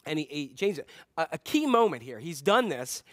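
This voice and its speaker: High-voiced pastor, animated sermon. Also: male voice, normal speed, no room sound, clean studio sound. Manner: animated storytelling, acting out scenes with playful humor.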